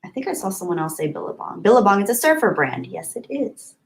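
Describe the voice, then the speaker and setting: A woman's voice: mid-range voice, very animated, fast talker, gravelly, rough recording. A young adult woman hosting a casual livestream, chatting and giggling as she answers viewers' comments by name. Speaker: livestream host.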